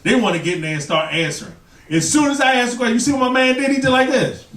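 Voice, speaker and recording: A man's voice: extremely high pitch, fast talker, distant mic. A man doing a stand-up comedy set in a club, teasing the audience with slang-filled banter. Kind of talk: stand-up set with crowd work. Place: comedy club stage before a live audience. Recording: roomy, off-mic, loud crowd and noise. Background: loud audience laughter.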